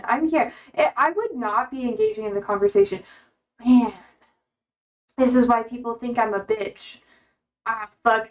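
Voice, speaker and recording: A young woman with a slightly high voice chats loosely on a livestream. She reads viewer comments aloud and answers them bluntly. She swears freely and laughs often. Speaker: streamer. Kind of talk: casual chat reading viewer comments.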